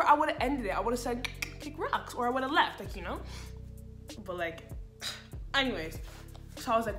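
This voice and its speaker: A woman's voice: a little high, animated, normal speed, pauses often, pushed and bright. A young woman telling a personal story in a chatty vlog, acting out quoted lines of dialogue. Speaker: vlogger. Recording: echoey room with faint music.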